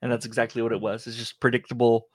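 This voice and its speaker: A man's voice: mid-range voice, level tone, fast talker, no echo. A man on a podcast making laid-back remarks in casual chat. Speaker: podcast co-host.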